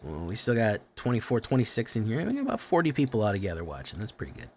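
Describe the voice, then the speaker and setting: A young man with a fairly low voice hosts a casual live stream of a card game. He jokes, hypes up his plays and chats straight to his viewers. A faint hum of noise sits behind him. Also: fast talker. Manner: excitable, joking, talks to chat.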